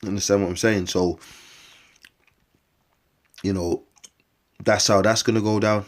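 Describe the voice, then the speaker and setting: Male preacher, deep-pitched, rambling, crude, casual street-style scripture talk. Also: fairly even intonation. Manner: rambling and profane, often calls listeners "bruv" and "mate"; slows down to read long scripture lists. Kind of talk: informal scripture preaching to camera.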